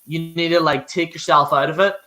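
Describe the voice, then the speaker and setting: A young Irish man hosting a live show, his voice bright and a touch high. He rambles in loose, casual chat, swearing freely and restarting his sentences often. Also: steady tone, fairly quick. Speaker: host.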